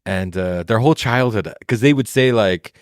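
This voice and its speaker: A middle-aged man, a podcast guest, telling stories in an animated, casual way with quick restarts. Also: on the low side, no echo, clean studio sound. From USA.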